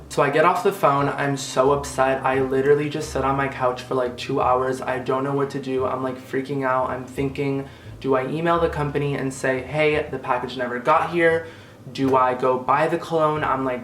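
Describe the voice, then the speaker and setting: A young man talks through a casual storytime vlog at a middle pitch, chatty and animated. He sounds a little away from the mic, and his voice rings in a roomy apartment with a faint hum of ambience behind him. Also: distant mic. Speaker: vlogger. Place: room in an apartment.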